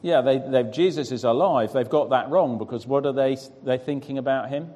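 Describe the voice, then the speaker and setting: A man at a middle pitch leads the reading and questioning. His voice carries a long reverb, as if heard across a church hall. He pauses for answers and encourages the people in front of him. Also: warm tone. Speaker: preacher. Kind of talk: scripture reading and interactive teaching.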